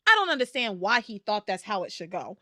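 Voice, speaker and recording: A woman's voice: medium pitch, big pitch swings, brisk, sharp tone, no room sound, studio quality. A woman hosting a podcast, chatting casually about a soap opera, laughing often and swearing freely. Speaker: podcast host.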